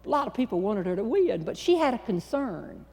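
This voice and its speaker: A woman with a Southern American accent, a humorist telling a story to a live audience, with a folksy, drawn-out delivery and deliberate pauses. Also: on the high side, big pitch swings, vocal fry, darkish tone. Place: large hall before a live audience. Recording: long reverb in a large hall.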